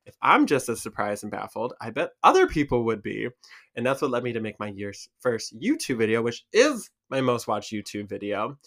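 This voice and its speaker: Here a man with a Michigan accent, from that state, chats to his camera in a relaxed vlog style. He sounds animated and filler-heavy, and his voice sits in the mid range.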